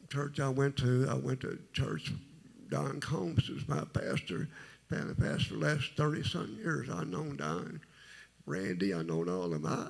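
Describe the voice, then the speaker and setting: Middle-aged man, deep gravelly and husky, lively pitch, halting folksy church testimony. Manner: rambling, halting, folksy storytelling. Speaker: testimony speaker. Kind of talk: personal testimony at a church service.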